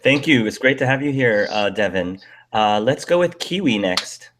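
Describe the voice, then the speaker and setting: A man's voice: medium pitch, expressive, moderate pace, fairly bright tone, slight background noise. A man hosting a casual online video panel, talking in a friendly way with plenty of "um"s. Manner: friendly, with frequent fillers. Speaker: host.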